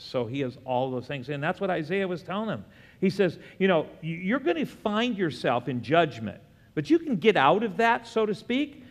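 A middle-aged male pastor preaching a conversational sermon with friendly asides and the occasional chuckle. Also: mid-range voice. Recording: long church hall reverb.

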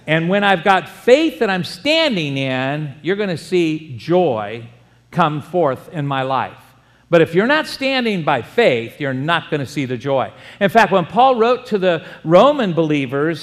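A man preaching a sermon as pastor, lively and joking, acting out short exchanges with his congregation. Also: high-pitched, unhurried. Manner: animated preaching, acts out little dialogues and jokes. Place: church sanctuary. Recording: long hall reverb.

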